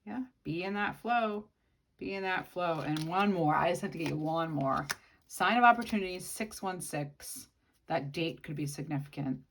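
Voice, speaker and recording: Woman tarot reader, low voice, casual musing delivery. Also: moderate pace, creaky, breathy edge. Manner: musing, speaks to the viewer directly. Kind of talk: casual channeled tarot reading.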